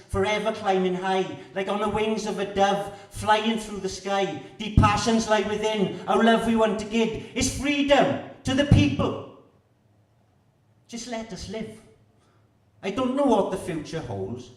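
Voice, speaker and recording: A man performs a rhyming poem with a rhythmic, measured delivery. His voice is a little high for a man and sounds distant from the mic, carried in a roomy, echoing space. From Wales. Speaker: performance poet. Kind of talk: poetry performance. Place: live venue with audience. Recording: echoey room, distant mic.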